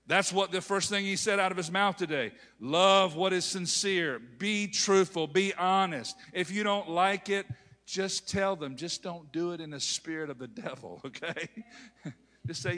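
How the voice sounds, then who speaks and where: A man, preaching a sermon to a congregation, calling out to the crowd and building to shouted peaks. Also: high voice, moderate pace. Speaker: pastor. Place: church sanctuary with congregation. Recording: long hall reverb.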